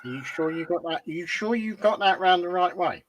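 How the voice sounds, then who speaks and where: A man teasing his co-host with quick quips during casual live-stream chat. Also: high voice, expressive, lo-fi sound, a little hiss or hum.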